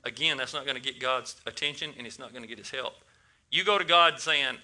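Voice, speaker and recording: Man preaching, casual sermon, talks straight to the congregation, bright clear voice. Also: medium pitch, brisk. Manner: conversational, repeats words, asks the congregation questions.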